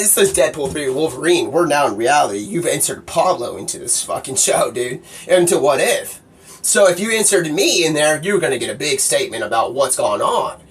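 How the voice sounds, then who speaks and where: Male streamer, excitable profane rambler; distant mic, light background noise. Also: a little high. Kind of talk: rambling live-stream monologue.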